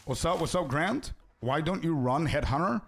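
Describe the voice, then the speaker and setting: A man's voice: a little high, lively intonation, moderate pace, slightly rough. A young man streaming a game, chatting casually with viewers and answering their questions. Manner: chatty, answers chat, says "bro" often. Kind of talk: casual live-stream chat.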